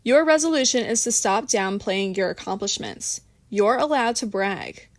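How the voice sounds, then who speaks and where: A woman's voice: mid-range voice, expressive, moderate pace, no room sound, close to an everyday voice. A woman voicing a bossy, theatrical woman who runs the group game. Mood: commanding. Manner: theatrical, commanding. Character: bossy, warm ringleader woman.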